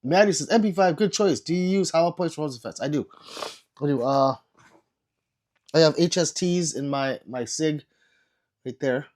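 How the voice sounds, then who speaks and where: A man who is sick, chatting casually on a livestream and reading viewer comments aloud with low energy. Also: moderate pace, pauses often, a little mellow.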